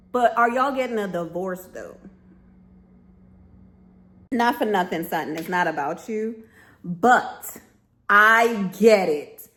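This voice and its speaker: Sassy animated woman reacting to reality TV. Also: high voice. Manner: sassy, animated, talks straight to the cast. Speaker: reality TV commentator. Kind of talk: casual reaction commentary.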